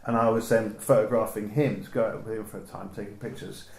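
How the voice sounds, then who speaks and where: A man's voice: lowish voice, steady tone, fast, creaky, darkish tone, roomy sound, low-quality recording. A man with a southern English accent, a photographer telling meandering stories in a casual interview. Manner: meandering, chatty storytelling.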